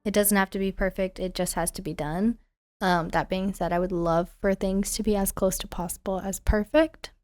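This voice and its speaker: Chatty young woman, a bit hoarse. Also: medium pitch, steady tone, moderate pace, darkish tone. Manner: chatty, self-deprecating, rambling. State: slightly hoarse from a cold. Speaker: podcast host. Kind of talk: casual solo podcast chat. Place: alone at home.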